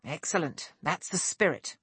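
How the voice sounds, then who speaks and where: A woman's voice: low-pitched, expressive, unhurried, a bit bright, husky, no echo, heavily acted. A woman voicing a kind, assured young male lord who speaks formally and courteously, in an audiobook. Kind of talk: audiobook character voice.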